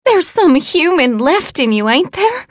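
A terrified captive woman, as an audiobook narrator puts her on, begs in a desperate, choked voice pitched far above the narrator's own. The sound is dry and close. She pleads with rough, plain speech. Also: sing-song, unhurried, dry recording, heavily acted. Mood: pleading.

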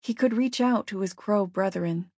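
A woman narrating a story in a steady, measured audiobook reading. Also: mid-range voice, breathy edge, dry recording, clean studio sound.

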